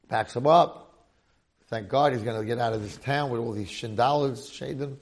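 A man teaching a Torah class, telling a long story with animated asides to his listeners. His voice is gravelly and of medium pitch. He talks directly to the room. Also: moderate pace.

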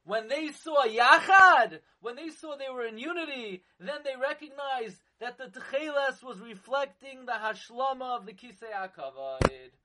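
A man teaching a sermon in a slow, emphatic way, sometimes chanting verses in a singsong and hitting words with sudden loud stresses. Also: very high-pitched, expressive. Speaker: rabbi teaching Torah.

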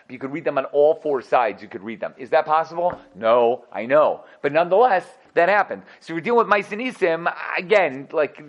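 A man teaching an energetic Torah class, full of rhetorical questions and quick laughs. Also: mid-range voice, muffled recording.

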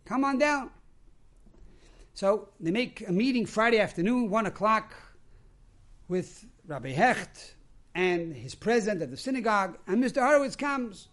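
A rabbi preaches, moving from teaching into a story. His voice is high for a man, and he explains each term in turn. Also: lively intonation, normal speed, fairly bright tone. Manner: explains terms one after another, tells stories. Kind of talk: sermon with storytelling.

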